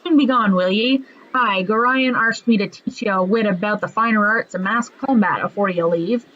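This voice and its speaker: A woman voicing a gruff, bossy male combat trainer in a rough, old-fashioned put-on accent. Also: a little high, moderate pace, fairly bright tone, muffled recording. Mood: gruff, pushy.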